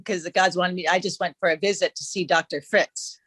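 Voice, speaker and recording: A woman's voice: on the low side, steady tone, a little fast, fairly bright tone. A woman hosting an interview, chiming in with brief eager agreement and her own asides. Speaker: show host. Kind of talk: casual interview chat.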